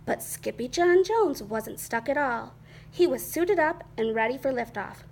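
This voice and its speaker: Lively high-voiced woman reading a picture book. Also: a little slow, slight background noise. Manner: lively, expressive, rhythmic. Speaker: storyteller. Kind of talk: children's picture book read-aloud.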